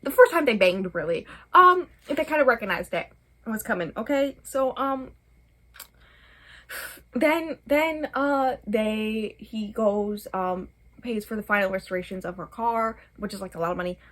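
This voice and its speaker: A woman's voice: medium pitch, animated, measured pace, fairly bright tone. A young adult woman, a book vlogger, rambling casually through a book review with many fillers. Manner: rambling, chatty, many fillers, laughs often.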